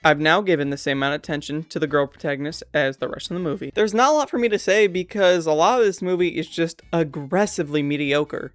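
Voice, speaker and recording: A young man with a fairly high, smooth, resonant voice talks through a movie review in casual, sarcastic commentary. The sound is dry and close, with faint music playing underneath. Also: fairly bright tone, no room sound. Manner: sarcastic, blunt.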